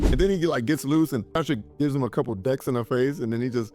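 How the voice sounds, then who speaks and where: Fast-talking man recapping a movie. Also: medium pitch, faint music behind. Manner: animated retelling, quoting characters in voices. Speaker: movie podcast co-host. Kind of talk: casual movie breakdown chat.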